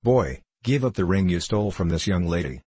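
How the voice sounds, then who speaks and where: A man voicing a rough, rude train conductor who snaps and sneers, in a storybook reading. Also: deep voice, animated, brisk, darkish tone, no room sound. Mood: gruff. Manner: sneering, snappish.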